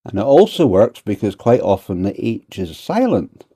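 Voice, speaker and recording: A man's voice: fairly low pitch, very animated, normal speed, warm tone, breathy edge. A man with a Scottish accent, the host's husband, playfully giving examples of local speech in a casual chat, a little farther from the mic. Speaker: co-host, husband.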